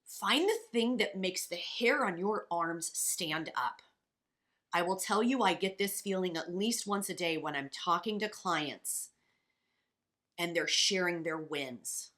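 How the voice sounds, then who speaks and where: A woman co-hosting a motivational podcast, with a lowish voice and a bright, forceful edge. She talks in a passionate, blunt way, as a coach, and throws in profanity freely. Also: lively intonation, a little slow. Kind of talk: casual motivational podcast chat.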